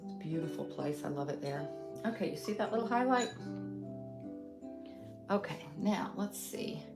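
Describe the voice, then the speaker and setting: Chatty Southern woman with a low voice. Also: lively intonation, moderate pace. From Western North Carolina. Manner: chatty, thinking aloud with many ums, soft laughs. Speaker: art instructor. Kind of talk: casual live painting tutorial. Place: home art studio. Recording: roomy studio with guitar music behind.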